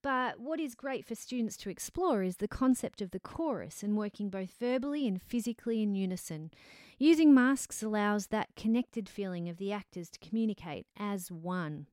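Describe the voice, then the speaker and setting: A woman, a drama teacher answering interview questions in a measured, explanatory way. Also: medium pitch, expressive, darkish tone, clear, resonant tone, dry recording, studio quality. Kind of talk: scripted-sounding interview answers.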